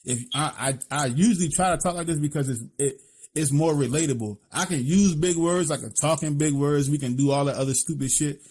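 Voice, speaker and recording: A man's voice: fairly high pitch, a little fast, a little mellow, breathy edge. A man from Philadelphia with a Philly accent, co-hosting a podcast in blunt, profane casual talk, constantly asking "you know what I'm saying". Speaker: podcast co-host.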